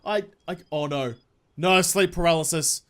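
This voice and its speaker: A man's voice: a little high, normal speed, fairly bright tone, clear, resonant tone. A man giving casual, swear-filled commentary during a horror game playthrough, with jumpy, nervous reactions. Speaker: let's play gamer.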